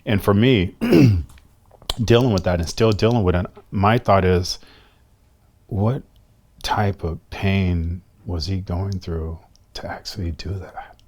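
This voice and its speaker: A man in his fifties, a guest telling a personal story in an interview in a soft-spoken, reflective and earnest way. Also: sits low, slow. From United States. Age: 50s.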